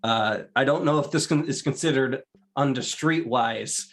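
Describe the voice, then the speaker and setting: Man, tabletop player, middle pitch, hesitant, chuckling. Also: moderate pace. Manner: hesitant, thinking aloud, chuckling. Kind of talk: casual tabletop game talk.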